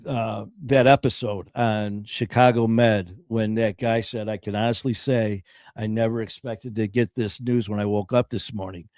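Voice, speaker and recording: A man hosting a talk show, telling his own story in a casual, earnest way. He pauses and restarts often and voices the people he quotes. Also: on the low side, a little mellow, no echo, studio quality. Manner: earnest, halting, often pausing with "um".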